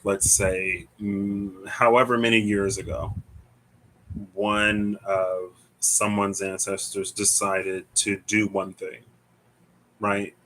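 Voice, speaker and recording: Slow, meandering young Midwestern man. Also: on the low side, sharp tone, poor audio. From American Midwest. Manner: meandering, hesitant, searching for words. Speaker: tarot reader. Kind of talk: casual tarot reading, thinking aloud.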